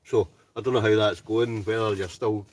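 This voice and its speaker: A Scottish man hosts a live stream from inside a hot tent, bantering casually and reading viewer comments aloud, often finishing lines with "right?". His voice sits on the low side with a darkish tone, fairly even intonation and a moderate pace. He is far from the mic, and a little hiss or hum can be heard.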